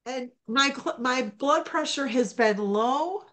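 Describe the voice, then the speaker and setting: A woman giving a casual testimonial over a video call, talking in a halting, rambling way with many restarts. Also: sits high, fairly bright tone.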